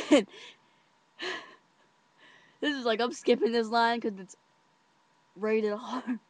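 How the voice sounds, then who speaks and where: Giggly, chatty teen girl, higher voice. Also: steady tone, slow pace, pauses often, no echo. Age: teenager. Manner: chatty, many fillers and giggles. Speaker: vlogger. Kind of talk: casual storytelling to camera.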